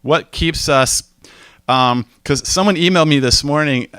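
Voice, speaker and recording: A man's voice: on the high side, measured pace, sharp tone, clean tone, dry recording. A man giving an informal teaching talk, telling stories and acting out the voices of people he quotes. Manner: conversational, storytelling, acts out quoted voices.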